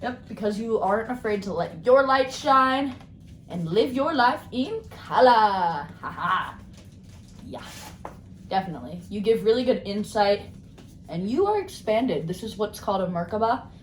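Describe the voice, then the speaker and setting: A woman giving a casual tarot card reading, bubbly and rambling as she talks excitedly. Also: fairly high pitch, moderate pace, roomy sound, slight background noise. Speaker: tarot reader.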